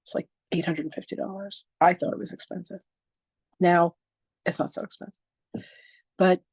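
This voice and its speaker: A woman's voice: deep voice, a little mellow, husky, no room sound. A woman in her sixties teaching a live online masterclass on spiritual practice. She tells stories with animation, acts out quoted exchanges, and speaks frankly and emphatically, sometimes swearing. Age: 60s.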